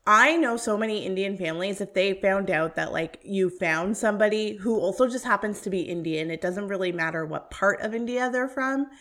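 A woman chatting casually on a podcast, animated and talkative, with lots of filler words. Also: medium pitch, brisk, few pauses. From North America. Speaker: podcast co-host. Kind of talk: casual chat.

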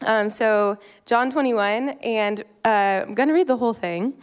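A woman's voice: fairly high pitch, a little slow, smooth. A young woman from the giving an informal sermon, praying and telling a personal story in a chatty way with many fillers. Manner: chatty, self-deprecating, lots of ums and likes. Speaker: youth speaker.

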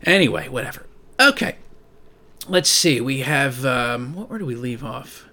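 A man talking casually to his viewers, reading their messages aloud and rambling, with frequent swearing and sudden loud rants. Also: mid-range voice, animated, a little slow, a little hiss or hum. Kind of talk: casual profane monologue.

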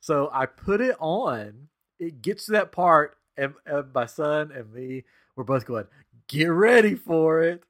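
A man in his thirties, a podcast co-host, telling an animated family story in casual chat, chuckling often and acting out the quotes. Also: on the high side, unhurried, few pauses.

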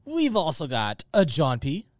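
A man's voice: fairly high pitch, measured pace, no echo, studio quality. A man hosting a casual gaming podcast, introducing guests with upbeat patter. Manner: upbeat, animated host patter. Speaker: podcast host.

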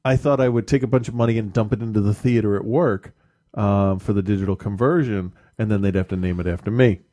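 A man's voice: lowish voice, fast talker, warm tone. Easygoing man who laughs along. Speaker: podcast co-host. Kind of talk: casual chat.

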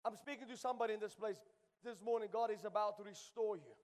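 Speaking fast in a notably high voice, a pastor preaches with passion, repeating key phrases again and again for emphasis. The church sanctuary lends his words a long reverb.

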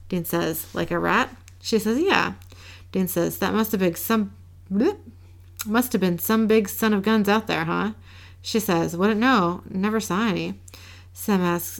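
A woman casually recapping an episode as a podcast co-host, reading the characters' lines in a flat, low-key way. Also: vocal fry. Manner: reads quoted lines in a flat, low-key way with small laughs.

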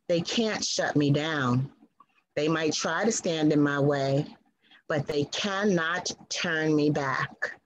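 A woman reciting her own poem over a video call in a measured, declamatory way. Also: sits low, dry recording, low-quality recording. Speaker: poet. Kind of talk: spoken word poetry reading.

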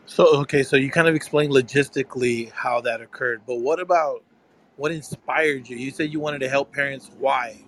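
A man's voice: mid-range voice, fairly even intonation, normal speed, fairly bright tone, low-quality recording. A man interviewing a guest, asking probing follow-up questions.

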